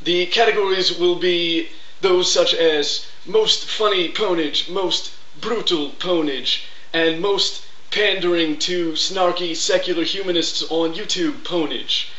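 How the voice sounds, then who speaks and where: A man's voice: slow pace, pushed and bright, heavily acted. A man voicing a mocking impression of a smug, self-important vlogger who turns whiny. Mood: pompous. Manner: pompous, then shrill and whining. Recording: echoey, dull lo-fi room.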